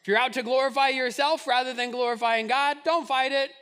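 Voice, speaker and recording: A man preaching a sermon in an animated way, acting out the voices of the people in his stories. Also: very high voice, a little fast, clean tone. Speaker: pastor.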